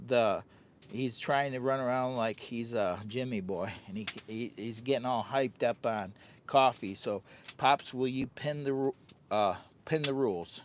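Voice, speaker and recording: A man's voice: mid-range voice, slight background noise. An older man hosting a camping livestream from a hot tent, chatting casually, repeating himself and calling himself by a nickname in the third person. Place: hot tent outdoors on a windy day.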